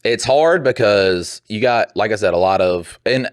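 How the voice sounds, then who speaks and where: Young male podcast co-host, low-pitched, dry close sound, heated and profane, rambles. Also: expressive, dry recording. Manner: profane, rambling, heated, mimics people in quick bursts. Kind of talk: casual podcast chat.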